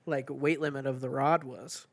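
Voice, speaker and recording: A man's voice: medium pitch, fairly even intonation, moderate pace, gravelly. A young man co-hosting a podcast in a laid-back casual chat, laughing often and filling with "like". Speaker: podcast co-host.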